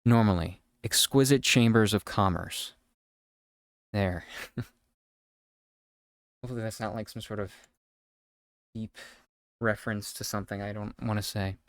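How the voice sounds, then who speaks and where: Low-voiced man thinking aloud while coding. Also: steady tone, moderate pace, long pauses, darkish tone, dry recording, studio quality. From United States East Coast. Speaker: streamer. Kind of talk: casual live coding stream chat.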